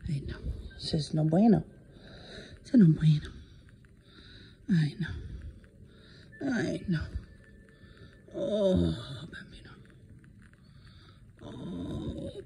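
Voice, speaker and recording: Cooing woman with a gravelly, slow voice. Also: fairly low pitch, warm tone, a little hiss or hum, low-quality recording. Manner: coos and half-whispers, sprinkling in Spanish words. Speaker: cat sitter. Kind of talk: affectionate talk to a cat. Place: indoors at a home with the cat.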